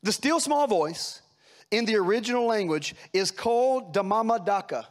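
High-voiced preacher swinging hushed to urgent. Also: male voice, lively intonation, moderate pace. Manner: dramatic preaching, swinging from hushed lows to loud urgent peaks; retells scripture scenes with voiced characters. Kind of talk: sermon.

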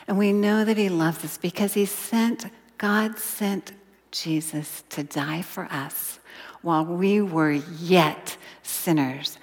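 A woman teaching a Bible lesson in an expressive sermon style, sometimes dropping to a whisper for emphasis. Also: lowish voice, slow pace. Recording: long hall reverb.

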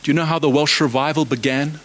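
A man's voice: fairly high pitch, fairly even intonation, fast. A man preaching a sermon, fervent and exhorting, with repeated rhetorical questions.

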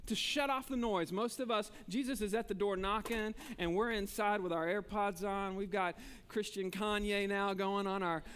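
A man preaching a sermon as pastor, talking conversationally and swinging between emphatic bursts and hushed asides. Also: sits high, steady tone, normal speed, hardly any pauses, big-room sound, a little hiss or hum.

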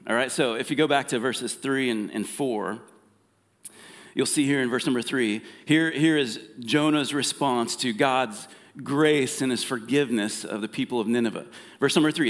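A man preaching a sermon in a relaxed, conversational way, with plenty of fillers and restarts. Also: mid-range voice, moderate pace, big-room sound. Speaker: pastor. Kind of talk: casual sermon.

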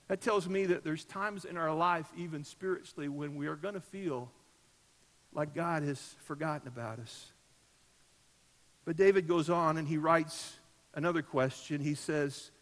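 A middle-aged man preaching a sermon as pastor of a church, telling stories and swinging from loud emphasis to soft, low asides. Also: moderate pace. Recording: echoey church hall.

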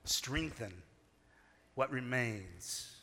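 A middle-aged man preaching a sermon, telling a story with big swings from loud to hushed. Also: medium pitch, animated, extremely slow. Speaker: pastor. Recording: long reverb of a large hall.

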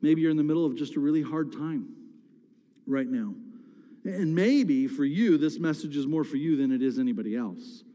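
A pastor preaches a sermon in a church sanctuary, his warm, somewhat high voice at a normal speed. He talks conversationally with the congregation and at times rises to impassioned cries, all echoing through a reverberant hall.

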